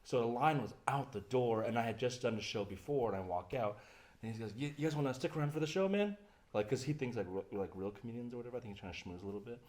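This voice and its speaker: A man's voice: on the low side, quick pace, darkish tone. A man hosting a podcast, telling a story in casual chat and often laughing as he goes. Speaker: podcast host.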